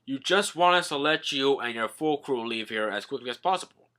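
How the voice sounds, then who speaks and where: A man's voice: medium pitch, expressive, fairly quick, bright, forceful tone. A man voicing a formal, earnest young male prince speaking politely.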